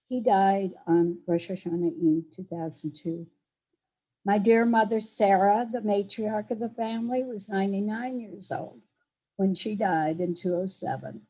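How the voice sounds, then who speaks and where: Older woman giving a dark-toned testimony. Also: fairly low pitch, low-quality recording. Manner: measured, earnest storytelling. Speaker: Holocaust educator and survivor. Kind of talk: prepared testimony talk. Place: a friend's apartment. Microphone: laptop microphone.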